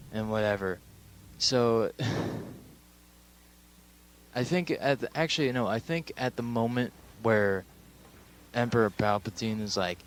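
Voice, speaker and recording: A man's voice: medium pitch, unhurried, long pauses, slight background noise. A sleep-deprived young man recapping a film in a rambling, profane way, full of fillers. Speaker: film reviewer.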